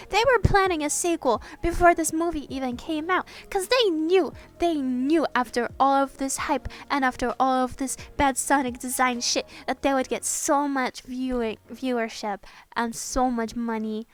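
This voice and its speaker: A young woman with a high, bright-sounding voice chats casually in a home-recorded voiceover. She gushes like an excited fan and drops the odd swear word. Soft music plays faintly underneath. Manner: excitable fangirl gushing, swears casually, laughs often. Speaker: artist narrating a speedpaint. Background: soft background music.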